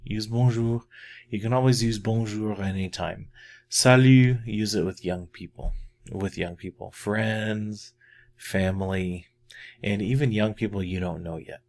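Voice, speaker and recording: A man teaching a beginner French lesson in a casual, patient way, often repeating words slowly to model how they sound. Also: lowish voice, steady tone, a little mellow. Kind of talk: casual video language lesson.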